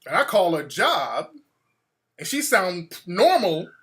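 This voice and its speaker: A man hosting his show, telling a comic story in an animated, profane way with laughs between lines. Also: high-pitched, slow pace. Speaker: show host.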